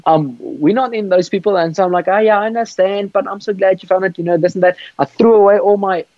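A man's voice: sits high, quick pace, darkish tone, no room sound. A man on a video call telling his faith testimony with passion, often repeating words and restarting sentences. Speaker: guest sharing his testimony. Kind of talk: earnest storytelling on a call. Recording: dull, dry call audio.

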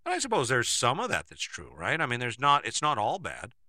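Man, piercing bright tone, dry close sound, skeptical talker who keeps asking rhetorical questions. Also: medium pitch, wildly swooping pitch, a little fast, dry recording. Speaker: speaker giving a monologue to camera. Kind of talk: persuasive commentary monologue.

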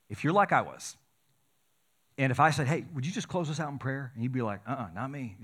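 A man, a middle-aged pastor, preaching a conversational sermon that grows animated and excited. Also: medium pitch.

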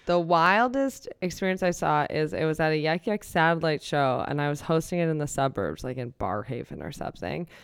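A woman comedian tells a story in a lively, animated way and acts out the people in it. Her voice is smooth and very clear. The sound is dry and close. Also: deep voice, dry recording. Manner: animated, quick storyteller who acts out the people she quotes. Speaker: comedian guest. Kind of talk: casual storytelling.

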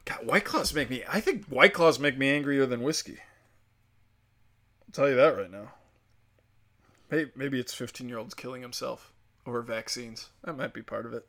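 Crude ranting man, bright voice. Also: mid-range voice, moderate pace, pauses often. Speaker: podcast host. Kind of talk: solo podcast rant.

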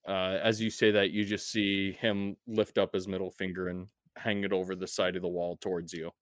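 A man's voice: deep voice, flat delivery, normal speed, dry recording, studio quality. A man narrating as game master of a tabletop game, laid-back and profane, with many fillers.

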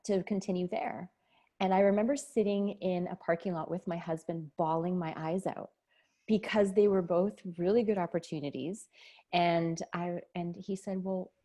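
A nurse in her forties, appearing as a podcast guest, tells her story candidly and emotionally in a casual interview, laughing often. Her voice is fairly low and mellow.

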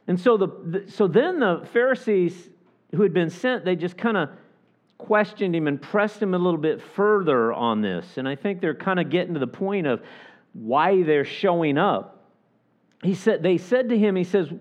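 A male pastor preaches a sermon, his voice sitting a touch high and swinging widely in pitch. He breaks into the voices of the people he quotes, acting them out. The recording is somewhat dull and lo-fi. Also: measured pace. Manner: animated, acts out the people he quotes.

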